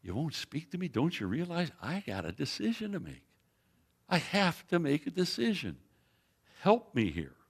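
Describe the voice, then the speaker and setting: A man acting out an anxious, middle-aged Roman governor, torn over a decision he must make. He presses with urgent, pleading questions, and his voice lifts high and sharp when he is exasperated. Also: huge pitch swings, moderate pace, gravelly, slightly rough, exaggerated voice.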